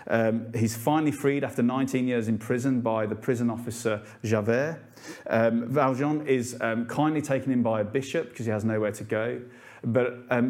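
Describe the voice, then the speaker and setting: A man's voice: medium pitch, darkish tone. A man preaching a sermon to a congregation in an earnest, unpolished way, asking rhetorical questions with some fillers and restarts.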